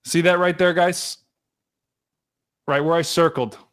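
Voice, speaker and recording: An excitable man hosts a live weather stream, talking straight to his chat as he walks through radar scans. His voice sits a little higher than most men's, and his delivery is casual and chatty. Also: a little slow. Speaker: livestream weather host. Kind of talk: live storm-tracking stream commentary.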